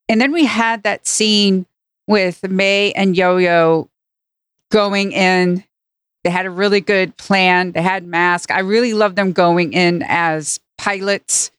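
A woman's voice: mid-range voice, unhurried, a bit bright, smooth, dry recording. A woman co-hosting a podcast, earnestly recapping a storyline in casual chat. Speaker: podcast co-host.

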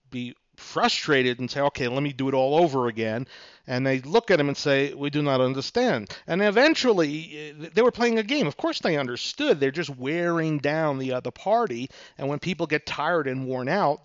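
A man's voice: mid-range voice, no room sound, muffled recording. Chatty man teaching negotiation tips. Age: middle-aged. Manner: conversational, many fillers, acts out dialogue. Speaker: podcast host, attorney and investor. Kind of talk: casual teaching monologue.

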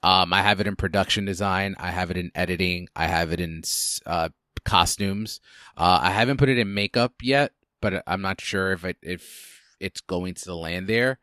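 Deep-voiced man chatting about films. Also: moderate pace, bright, forceful tone, clear, resonant tone, no room sound, studio quality. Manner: chatty, hesitant with many restarts and fillers. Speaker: podcast co-host. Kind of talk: casual film discussion.

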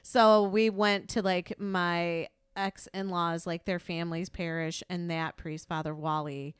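A middle-aged woman speaks plainly and a little salty, sometimes drawing out her words. Her voice is clean and smooth. It is recorded dry and close, with no echo. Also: on the low side, fairly even intonation, a little slow. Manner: frank and salty, calls her friend "girl", drawls at times. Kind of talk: casual podcast chat.

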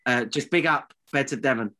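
A man's voice: mid-range voice, moderate pace. A man co-hosting a podcast, bantering in a teasing, mock-serious way. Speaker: podcast co-host. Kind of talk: casual comedic banter.

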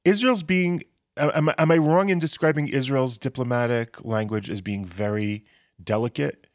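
A man's voice: mid-range voice, normal speed, dry recording, studio quality. A man hosting a podcast in a casual, chatty way, telling stories with frequent restarts. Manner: chatty, storytelling, many restarts. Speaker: podcast host.

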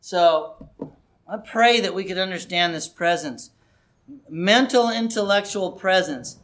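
A man's voice: high-pitched, expressive, takes it slowly, a bit bright. A middle-aged male pastor giving an earnest, conversational sermon that builds to raised emphasis.

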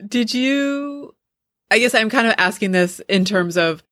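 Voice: mid-range voice, animated, measured pace, a bit bright, dry recording, clean studio sound. Interview host asking wordy questions.

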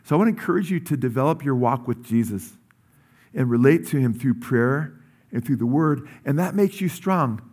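A middle-aged male pastor giving a sermon in a conversational style, often asking "amen?" and rising in pitch and energy when he urges his listeners. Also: animated, normal speed, darkish tone, husky. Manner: conversational, with many asides and "amen?" checks; rises in pitch and energy when urging the congregation.

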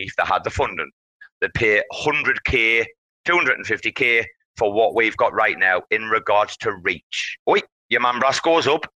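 Male host, low, very bright voice, dry close sound, rambling and animated. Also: no echo, poor audio. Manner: animated, rambling, hypes up the community. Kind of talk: casual chat in a live audio room. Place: online audio room.

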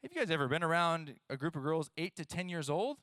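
Lively high-voiced male preacher. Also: quick pace, no room sound. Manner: animated, playful, talks straight to the audience. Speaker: pastor. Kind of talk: sermon.

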